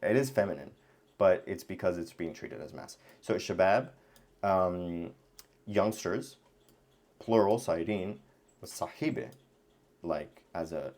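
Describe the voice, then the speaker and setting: A man's voice: deep voice, lively intonation, takes it slowly, pauses often, darkish tone. A man teaching a language lesson at his computer, talking casually and thinking aloud, with many fillers and restarts. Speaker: Arabic teacher.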